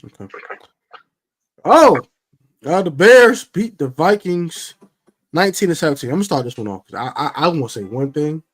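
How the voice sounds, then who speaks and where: A brash man hosting a football podcast, his voice bouncing high and low as he trash-talks. He sits a touch high for a man. The sound is close and dry. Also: normal speed, long pauses, no room sound. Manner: brash, trash-talking, excitable. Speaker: podcast host. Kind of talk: casual sports podcast chat.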